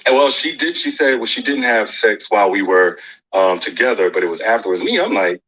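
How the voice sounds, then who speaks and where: Bright-voiced man telling a candid story. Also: lowish voice, a little fast, muffled recording. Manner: candid, conversational, recounting calmly. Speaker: interview guest. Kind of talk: personal storytelling in an interview.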